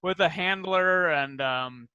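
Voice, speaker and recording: A man's voice: on the high side, takes it slowly, bright, forceful tone, dull audio. A middle-aged man co-hosting a casual comedy show, telling rambling, dry anecdotes full of fillers. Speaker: co-host.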